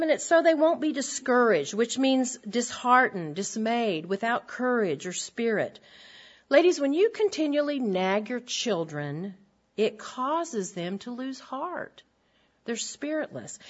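An older woman giving an earnest, direct Bible lesson to women, with frequent ums. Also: mid-range voice. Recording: dull lo-fi recording.

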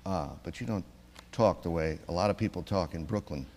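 A man's voice: deep voice, fairly quick, a little mellow. A man giving a sermon in a conversational way, asking his congregation questions, recorded in a church. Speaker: preacher. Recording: long reverb in a church.

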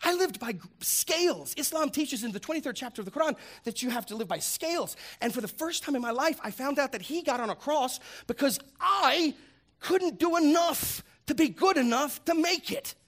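A male pastor preaching a lively, humorous sermon, swinging between loud punchlines and hushed reflective lines. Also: very high voice, moderate pace. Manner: animated, humorous, acts out voices.

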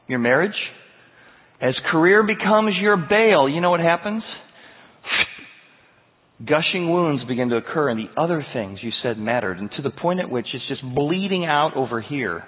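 A man preaching a verse-by-verse sermon in an animated, emphatic storytelling style, heard with a tinny sound in a large hall. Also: mid-range voice. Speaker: pastor.

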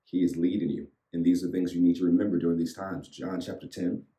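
A man preaching with a low, dark, mellow voice. He leads an online audience in repeating lines back to him. The sermon has rhythmic repetition, and the room is echoey. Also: level tone, fast. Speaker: pastor. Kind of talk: sermon with call-and-response.

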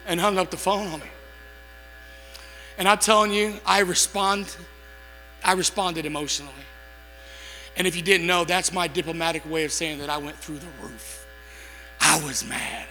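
A man with a strikingly high, very bright and piercing voice preaches through a story, animated and theatrical, bursting into shouts. His voice rings out in a long-reverb hall with faint music behind. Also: moderate pace, pauses often. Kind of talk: storytelling sermon.

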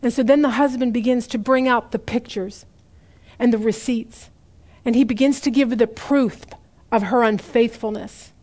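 A middle-aged woman preaching a sermon in an earnest way, slowing down to stress key points and asking the listeners direct questions. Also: fairly high pitch, steady tone, darkish tone.

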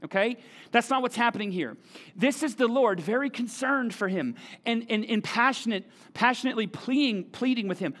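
A man's voice: very high voice, moderate pace, a bit bright. A middle-aged man preaching a sermon in a church, talking conversationally and repeating key phrases for emphasis. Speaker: pastor. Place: church auditorium.

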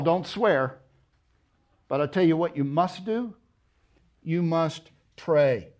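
A man preaching a sermon, emphatic, with rhetorical questions and loud stressed words. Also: fairly high pitch. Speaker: pastor. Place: church.

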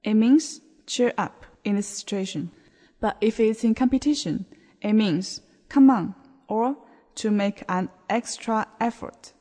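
A woman teaching a beginner language lesson on a podcast, explaining words in a slow, clear way. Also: medium pitch, dark tone. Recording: long hall reverb.

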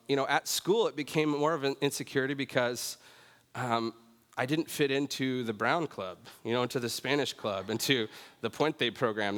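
A man preaching a sermon in a relaxed, conversational way, often checking in with "right?". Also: mid-range voice. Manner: conversational, self-deprecating, often says "right?". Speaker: pastor. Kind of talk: sermon with personal story. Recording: long reverb of a large hall.

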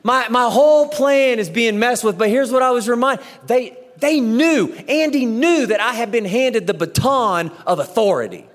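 A man in his thirties preaching a sermon, telling a story with lively acted-out dialogue. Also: very high voice, moderate pace, hardly any pauses. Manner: animated storytelling, acts out dialogue. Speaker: pastor. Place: church auditorium. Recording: echoey church hall.

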